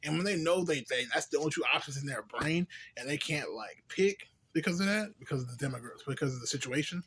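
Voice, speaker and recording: A young man, a little tipsy on beer, rambles through a vlog monologue in a fast, expressive, fairly high voice with a crowd behind him. His loose talk is thick with slang, fillers and swearing.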